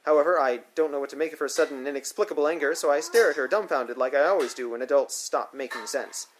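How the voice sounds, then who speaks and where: A man's voice: fairly high pitch, fast talker, a little hiss or hum. A man narrating his own memoir in the first person, with a dry, wry, matter-of-fact delivery.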